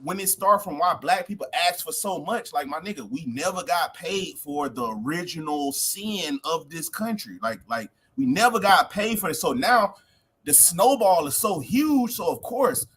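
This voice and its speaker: Podcast co-host, young man, high husky voice, lively heated slangy talk, acts out quotes. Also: normal speed. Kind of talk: casual heated podcast chat.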